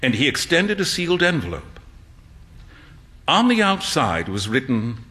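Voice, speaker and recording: A man reading a classic story aloud with expressive, animated storytelling. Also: medium pitch, a little slow, long pauses. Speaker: narrator.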